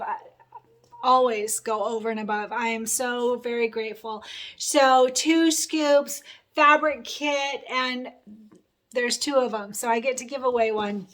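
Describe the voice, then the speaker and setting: Bubbly high-voiced woman host unboxing. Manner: gushing, excited, laughs often. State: a little choked up. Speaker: sewing channel host. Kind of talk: unboxing vlog.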